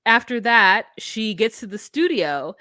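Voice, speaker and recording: A woman's voice: fairly high pitch, expressive, unhurried, bright, forceful tone, dry recording, studio quality. A woman co-hosting a podcast, recapping a reality show in casual chat with blunt, sarcastic, freely swearing remarks. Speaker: podcast co-host.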